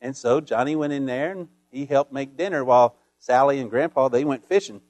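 A man's voice: mid-range voice, a little fast, darkish tone, no room sound. A male pastor preaching a sermon, reading scripture and telling folksy stories with frequent calls of "Amen?".

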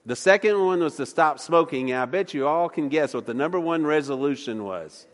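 A man's voice: a little high, expressive, fairly quick, big-room sound. A man preaching a sermon, folksy and joking, often stammering and repeating words as he talks. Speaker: pastor. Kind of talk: sermon with jokes. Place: church sanctuary.

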